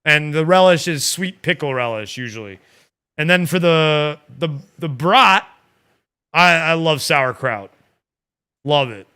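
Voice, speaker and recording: A man from Northern Illinois hosts a laid-back watch-party stream, chatting about food with easy enthusiasm and the odd swear. His voice is bright and smooth, pitched a bit high, and he talks at an unhurried pace. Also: animated. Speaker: stream host. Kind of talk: casual chat.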